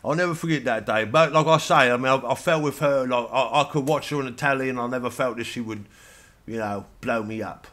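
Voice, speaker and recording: A man's voice: medium pitch, brisk, a bit bright, lightly acted. A man playing a sweary ranting Irish guest. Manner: sweary rambling rant. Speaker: comedian. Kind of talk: satirical character monologue.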